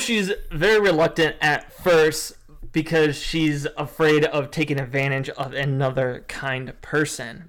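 A man with a slightly higher voice rambles through a casual chat about a show, full of fillers and gushing asides. He talks with feeling and keeps circling back to restart his thoughts. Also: a bit bright. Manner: rambling, emotive, many fillers. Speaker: co-host. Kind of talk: casual anime review chat.

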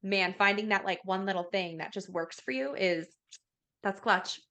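A woman's voice: mid-range voice, normal speed, fairly bright tone. A woman hosting an interview podcast, enthusiastic and casual, with slangy chat. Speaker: podcast host.

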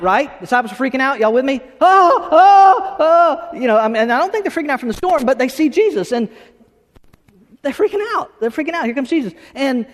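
A man preaching a sermon as pastor, talking in an animated, conversational way with many restarts. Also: very high-pitched. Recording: long hall reverb.

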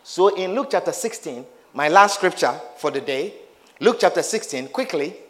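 High-voiced, animated preacher man. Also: moderate pace. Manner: animated, calls out to the congregation with questions and teasing. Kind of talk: sermon.

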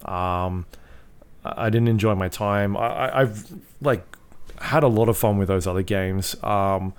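Rambling, low-voiced male podcast co-host. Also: unhurried, smooth. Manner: rambling, filler-heavy, swears freely. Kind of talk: casual chat about video games.

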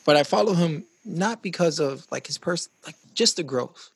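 Male host, chatty and reflective, gravelly husky voice. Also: a little high, lively intonation, normal speed, dry recording. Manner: chatty, reflective, full of restarts. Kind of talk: casual conversation.

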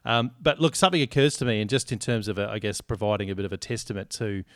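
A man's voice: fairly low pitch, fairly even intonation, fast, no room sound, studio quality. A man co-hosting a podcast, chatty and joking, swearing freely. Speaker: podcast co-host. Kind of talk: casual sports chat.

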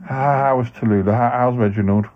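Faint music sits under a dull lo-fi recording of a man with a mid-range, fairly even voice, talking a little fast. He hosts a podcast and is playing himself in a comedy sketch, stammering and hesitating as he speaks.

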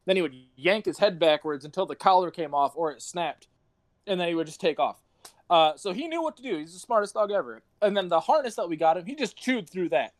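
A young man on a casual podcast, talking in a loose, rambling way full of swearing and laughter. His voice sits high for a man. The sound is dry and close, with no room to it. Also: animated, brisk, dry recording. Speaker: podcast host.

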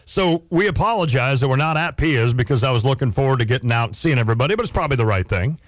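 A man hosting a sports radio show, chatting casually with self-deprecating quick asides into a studio mic. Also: mid-range voice, lively intonation, dry recording.

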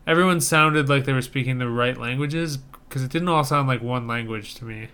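A young adult man co-hosting a podcast chats enthusiastically about trailers, rambling and restarting as he goes. His medium-pitched voice is bright, forceful, clear and resonant, and he talks fairly quickly.

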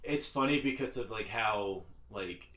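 A man's voice: fairly low pitch, lively intonation, measured pace, sharp tone. A man co-hosting a podcast in laid-back casual chat, laughing a lot and talking in loose restarts. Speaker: podcast co-host. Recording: roomy echo.

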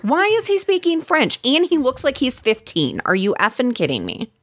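A woman co-hosting a podcast, chatting casually and giggling as she recaps a dating show. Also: moderate pace. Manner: chatty, giggly, animated swoops in pitch. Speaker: podcast co-host.

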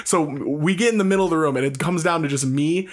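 A man in casual chat, telling animated stories about his dreams and swearing a lot. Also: a little high, fast talker. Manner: animated storytelling with heavy swearing.

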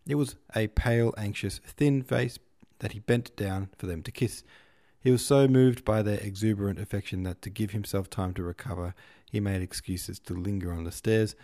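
Man, podcast host, reading a classic novel aloud, low voice, mellow tone, measured and unhurried narration. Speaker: podcast host and audiobook reader.

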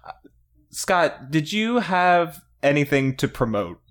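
A man's voice: on the high side, sing-song, slow pace. Dry-joking podcast co-host, a man. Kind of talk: casual podcast chat.

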